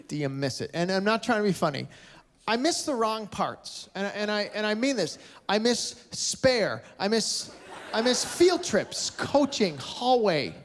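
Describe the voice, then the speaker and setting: This Canadian comedian has a high voice and a Canadian accent, and the recording carries a little hiss or hum. Performing in a large live venue with audience laughter, he does crowd work, teasing people with blunt sarcasm.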